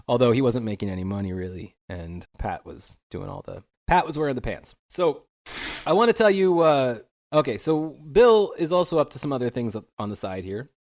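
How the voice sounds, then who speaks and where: A young man hosts a podcast, casually narrating history with a wry tone, lots of fillers and little chuckles. His mid-range voice is a little mellow, swings widely in pitch, and moves at a normal speed.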